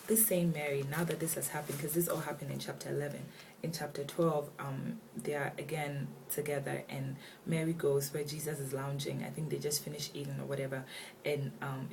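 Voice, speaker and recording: A woman's voice: low voice, gravelly. A woman giving a casual, chatty Bible devotional, retelling scripture in slangy everyday words. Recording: distant mic with faint background noise.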